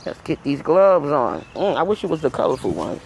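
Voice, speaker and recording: A woman's voice: sits low, very animated, brisk, vocal fry, a little mellow, slight background noise. A middle-aged woman hosting her own show, talking in a rambling, emphatic, folksy way in a casual vlog. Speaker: talk show host.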